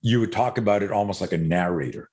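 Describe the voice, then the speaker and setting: A man's voice: deep voice, fast, darkish tone. A middle-aged man from Canada, a podcast guest, telling stories in a loose, rambling way, swearing casually and drifting into tangents.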